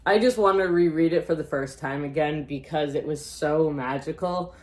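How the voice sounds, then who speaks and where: Woman book vlogger, lowish voice, gushy and chatty, casual talk to viewers. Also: normal speed. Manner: gushing and chatty, often addresses viewers as guys. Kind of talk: casual book recommendation chat.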